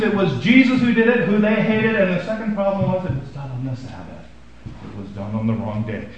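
A male pastor preaching a sermon, swinging from loud emphasis to hushed, quiet asides. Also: very high-pitched, heavy reverb, poor audio.

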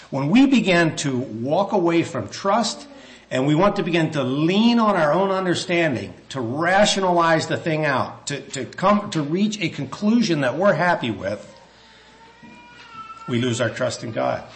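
A man gives a sermon in church, earnest and measured, hesitating and restarting now and then and easing his pace for scripture readings. His voice is medium-pitched.

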